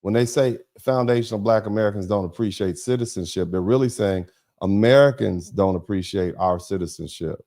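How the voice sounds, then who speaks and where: A middle-aged man hosts a commentary livestream, speaking emphatically and repetitively and tossing sarcastic asides to his chat. His voice is on the low side, mellow and a little fast.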